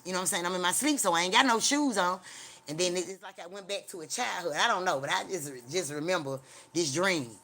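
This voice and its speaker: A woman's voice: lowish voice, fast talker, a bit bright, slight background noise. A woman hosting a livestream, telling a long story in a rambling, profane way, padding it with filler sounds and talking straight to her viewers. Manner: chats directly to her viewers. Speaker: livestream host.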